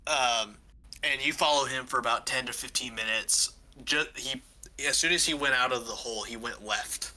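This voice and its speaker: A man narrating a tabletop game as game master. His voice is very bright and sharp-edged, and he talks in a loose, rambling way full of fillers and restarts. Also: medium pitch, moderate pace.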